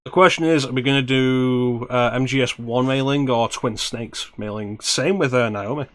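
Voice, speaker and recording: A man's voice: mid-range voice, moderate pace. A man co-hosting a casual streamed chat, wry and joking as he plans a script reading. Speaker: podcast co-host.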